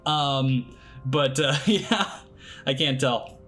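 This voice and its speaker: Man co-streamer, mid pitch, casual swearing jokes over faint music. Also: extremely slow, a bit bright. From Scottish and Irish heritage. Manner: joking, profane, laughs a lot. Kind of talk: casual joking commentary on a game stream.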